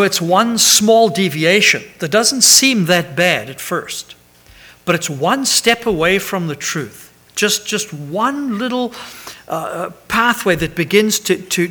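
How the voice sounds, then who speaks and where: A man's voice: high-pitched, lively intonation, slow pace, bright, forceful tone. A man preaching a sermon, chatty and pastoral, with self-deprecating asides and a habit of tagging 'right?'. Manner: pastoral, announcement-style.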